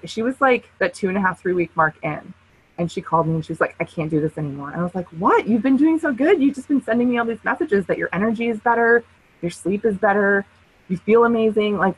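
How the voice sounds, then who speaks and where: Chatty woman with a husky voice. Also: medium pitch, rough recording. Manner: chatty, lively storyteller who acts out quotes and laughs often. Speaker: nutrition coach presenting a webinar. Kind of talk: casual webinar talk.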